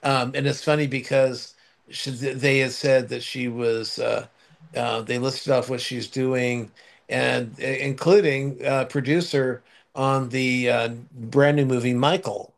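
A man's voice: medium pitch, little pitch movement, a little slow, gravelly. An older man chatting casually as a co-host, telling a long anecdote with many restarts and fillers. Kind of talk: casual chat.

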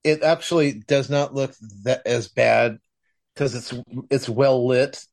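A man's voice: mid-range voice, takes it slowly, creaky. A man co-hosting a podcast, chatting casually and rambling with many fillers and restarts. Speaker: podcast co-host. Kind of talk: casual chat.

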